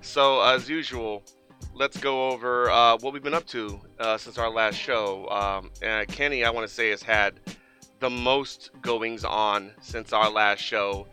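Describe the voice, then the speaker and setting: Guy hosting a sports podcast, really bright sharp voice, loose and jokey. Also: mid-range voice, fairly even intonation, a little slow, soft background music. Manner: loose, joking, upbeat. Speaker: podcast host. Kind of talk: casual chat.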